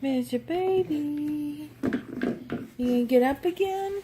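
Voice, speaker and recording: A woman's voice: high-pitched, lively intonation, slow, pauses often, background noise. A woman filming her baby at home, coaxing him in sing-song baby talk. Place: at home indoors.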